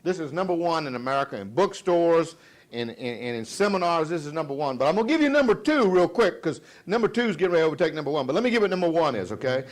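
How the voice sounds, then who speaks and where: A man's voice: on the high side, expressive, fast talker. A middle-aged man, from Virginia, giving a live motivational sales speech full of jokes and questions to the crowd. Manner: dramatic swings from loud to hushed, joking, audience call-and-response.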